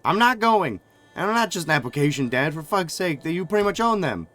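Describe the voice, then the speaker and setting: A man voicing an angry, rebellious young noblewoman in a shrill, exasperated falsetto. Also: big pitch swings, brisk, fairly bright tone, faint music behind.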